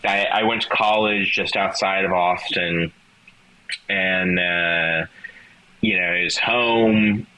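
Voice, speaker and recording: A man with a mild Texan twang talks in a low, bright, forceful voice as a podcast guest. He stumbles through restarts and fillers, candid and a bit profane. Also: steady tone, low-quality recording. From Texas. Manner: halting, many restarts and ums, candid and profane. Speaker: podcast guest, metal guitarist. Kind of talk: casual interview chat.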